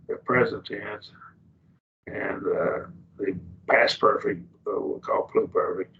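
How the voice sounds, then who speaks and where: A man teaching a Bible study class, lecturing slowly with restarts and rhetorical questions, recorded by a distant mic in a church classroom. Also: lowish voice, creaky, muffled recording, a little hiss or hum.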